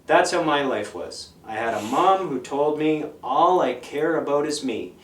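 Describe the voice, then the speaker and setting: A middle-aged man, a punk musician being interviewed, talking in a blunt, profane, animated way. He tells stories in a casual monologue. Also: a little high, a little slow. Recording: echoey room, mic at a distance, faint noise.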